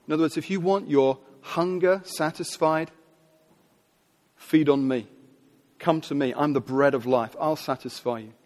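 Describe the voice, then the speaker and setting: A man preaching a sermon, telling stories with emphatic, slow dramatic pauses. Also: fairly high pitch, a little mellow. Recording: long hall reverb.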